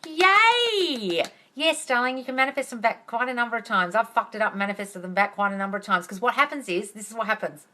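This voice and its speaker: Her medium-pitched voice is bright and forceful, and she talks fast with few pauses. She's a manifesting coach running a casual Q&A live stream from her phone, emphatic and blunt, swearing freely, calling viewers darling, and ranting heatedly.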